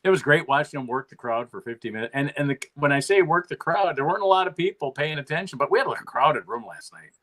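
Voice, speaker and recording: A man's voice: a little high, animated, fast talker, hardly any pauses, a bit bright. An older man hosting a casual chat about comedy and sports, rambling and laughing between his stories. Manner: rambling, frequent restarts, laughs often. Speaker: podcast host.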